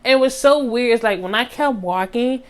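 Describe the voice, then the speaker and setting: A young woman vlogger telling a story in a casual, animated way. She talks straight to her viewers in slang, and her voice jumps high for drama. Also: normal speed. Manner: animated, dramatic retelling with sudden high squeaks.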